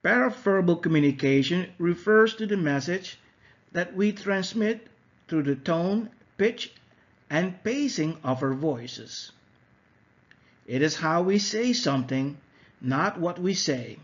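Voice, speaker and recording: Slow-speaking man narrating a lesson. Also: sits high, expressive. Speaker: instructor. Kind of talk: scripted narration. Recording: dull lo-fi audio.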